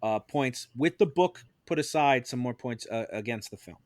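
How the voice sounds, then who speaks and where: A man's voice: mid-range voice, expressive, moderate pace, darkish tone, dry recording. A man acting as judge on a podcast, steering the debate back on track in a dry, hesitant way. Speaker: judge of the mock trial. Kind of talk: casual podcast moderating.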